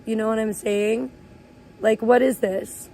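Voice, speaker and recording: Crude gossipy woman streamer, higher voice. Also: fairly even intonation, unhurried, warm tone. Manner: blunt, crude, gossipy ranting, breaks into high playful chants. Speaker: live streamer. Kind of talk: casual IRL livestream chat.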